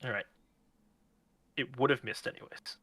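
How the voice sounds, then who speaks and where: Male game master on a video call, bright tone, easygoing narration. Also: medium pitch, steady tone, moderate pace, low-quality recording.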